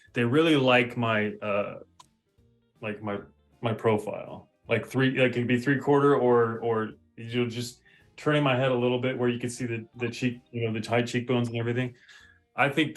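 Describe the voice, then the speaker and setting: Young Californian man, interview guest over a call, hesitant and halting, light music under the voice. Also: medium pitch. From United States. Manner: hesitant, halting, many ums and restarts. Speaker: guest, model.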